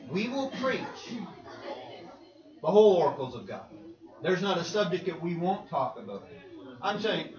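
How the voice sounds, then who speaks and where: A man preaching in a conversational Bible class, asking the group questions and laughing often. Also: fairly high pitch. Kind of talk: interactive Bible class teaching. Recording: roomy, distant, muffled room recording.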